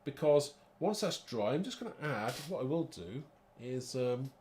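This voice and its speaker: A man's voice: mid-range voice, big pitch swings, moderate pace, a little mellow, a little hiss or hum. Chatty man demonstrating card making. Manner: chatty, rambling, thinks aloud; self-mocking, laughs at own muddle. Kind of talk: live craft demo.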